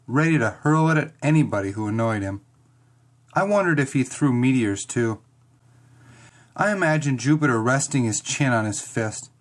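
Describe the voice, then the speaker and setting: A reader narrating a first-person children's chapter book, expressive and dramatic. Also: mid-range voice. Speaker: audiobook reader.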